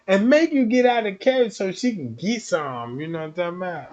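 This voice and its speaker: A man hosting a livestream, ranting crudely and loudly for laughs. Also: high voice, a little fast, hardly any pauses, lo-fi sound. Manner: loud, animated, profane, often laughing. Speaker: livestream host. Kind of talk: crude comedic rant.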